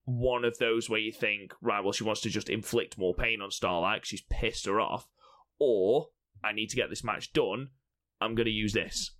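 A man's voice: lowish voice, moderate pace, fairly bright tone. A young man co-hosting a casual podcast chat, teasing and swearing freely. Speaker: podcast co-host.

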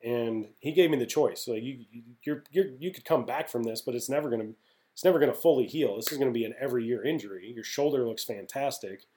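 A man in his forties recounts his playing days in a loose, candid way, doubling back on his words as he goes. His voice is mellow and dark, sitting at an ordinary middle pitch. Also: fast. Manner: rambling, candid, with frequent restarts. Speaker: former pro baseball pitcher, guest. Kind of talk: casual storytelling interview.

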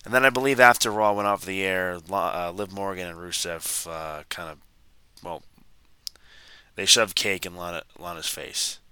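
A man's voice: deep voice, steady tone, moderate pace, sharp tone, smooth, no room sound. A man hosting a podcast, retelling a wrestling segment in a rambling, exasperated way with frequent restarts. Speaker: podcast host. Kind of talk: casual wrestling recap.

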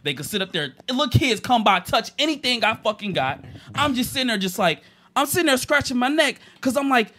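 Animated young man telling a story. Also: high-pitched, fairly quick. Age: young adult. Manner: animated, profane, swings loud and quiet. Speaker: podcast co-host. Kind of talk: casual storytelling.

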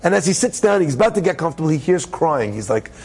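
A man telling a story to an audience as a religious speaker, animated and joking, acting out the characters and using Hebrew terms. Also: a little high, quick pace, heavy background noise.

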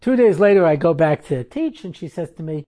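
A man's voice: a little high, expressive, fairly quick, mellow. A middle-aged man, a rabbi and seminary teacher, giving a storytelling lecture and acting out the people in his stories.

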